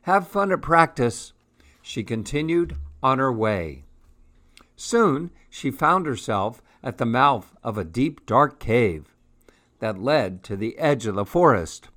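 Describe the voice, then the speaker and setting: A man reading a children's picture book aloud in a gentle, expressive way. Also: medium pitch, slow. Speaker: storyteller.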